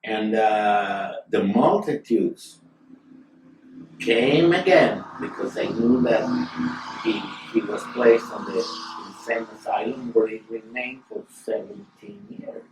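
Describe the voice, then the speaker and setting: Man, storyteller, rambling, digressive, very slow pace, distant mic, roomy echo. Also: fairly low pitch, background noise. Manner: rambling, digressive, with fillers and asides. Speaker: storyteller, guest. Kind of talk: casual spoken storytelling.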